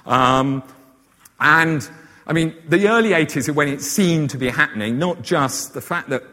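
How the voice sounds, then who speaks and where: A man's voice: fairly high pitch, normal speed, pushed and bright. A man giving a chatty, informal lecture on novels, with many fillers and asides. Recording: long hall reverb.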